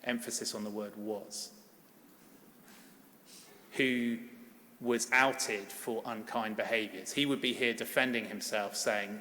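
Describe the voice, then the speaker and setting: In a large conference hall with long reverb, a middle-aged paediatrician delivers a keynote plenary in a lowish, steady voice that sounds pushed and bright. He takes it slowly, pauses often, and earnestly, emphatically urges the audience to act.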